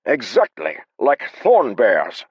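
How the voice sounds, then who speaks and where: A man voicing a panicky, excitable young male adventurer who shouts and complains. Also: unhurried, dry recording, highs cut off, heavily acted. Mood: panicky shouting. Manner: shrill, shouting, agitated.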